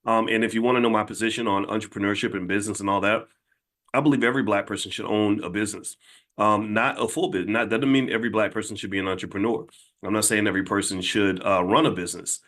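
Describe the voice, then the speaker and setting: Man, middle-aged, low-pitched, host, casual monologue, earnest, restarts phrases. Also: fairly even intonation, fast, a bit bright. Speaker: channel host and finance educator.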